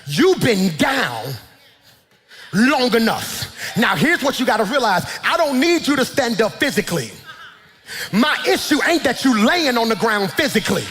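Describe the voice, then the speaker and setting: A man preaching a sermon as pastor, shouting in a sing-song cadence and dropping into hushed storytelling asides. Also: extremely high pitch, sing-song, brisk, a little hiss or hum. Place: large church hall. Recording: reverberant church hall.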